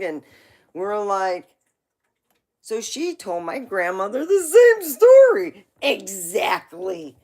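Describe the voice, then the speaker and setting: A woman hosting a livestream, telling rambling family stories in a casual way, laughing often and swearing now and then. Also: a little high. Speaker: livestream host. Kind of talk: casual storytelling.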